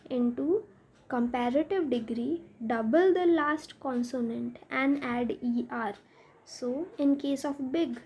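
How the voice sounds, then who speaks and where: Slow, husky-voiced woman teaching grammar. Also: high-pitched, dark tone. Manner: slow, step-by-step explaining, spelling out letters. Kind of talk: explaining a grammar lesson.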